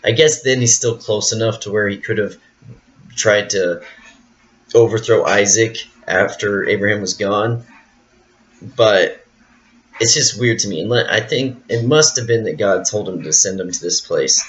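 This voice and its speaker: A man's voice: fairly low pitch, unhurried. A man reading Bible verses aloud and then explaining them in a casual, rambling way full of fillers. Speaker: Bible study teacher. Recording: dull lo-fi recording.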